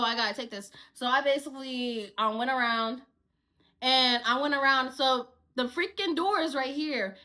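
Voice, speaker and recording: A woman vlogger telling a work story in casual chat, animated and swearing freely as she acts out the dialogue. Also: high-pitched.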